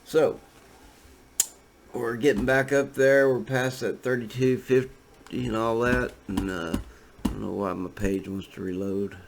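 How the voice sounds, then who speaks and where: A man's voice: medium pitch, steady tone, a little slow, vocal fry, slight background noise. A man giving casual, rambling commentary on trading charts, laid-back and full of fillers and restarts. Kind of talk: casual screen-share commentary.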